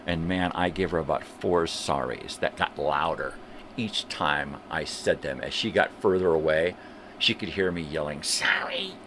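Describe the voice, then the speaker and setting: A man's voice: extremely low pitch, normal speed, fairly bright tone, a little hiss or hum. An older man hosting a morning livestream from home, ranting heatedly with lots of swearing and mocking impressions of other people. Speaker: host. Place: home room with a fan running.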